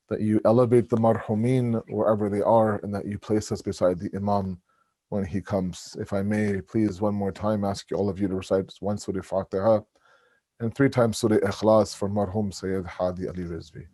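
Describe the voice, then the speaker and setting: A man delivering an emotional mourning sermon at a memorial gathering, telling the story with rising feeling and closing in calm, low prayer. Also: dry recording. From Canada.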